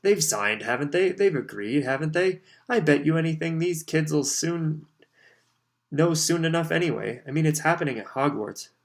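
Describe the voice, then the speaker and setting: A man's voice: a little high, moderate pace, voice pushed up, natural voice. A man voicing a jolly, carefree middle-aged official in an audiobook, talking breezily and waving worries aside. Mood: breezy. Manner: hearty, carefree, brushing off worries.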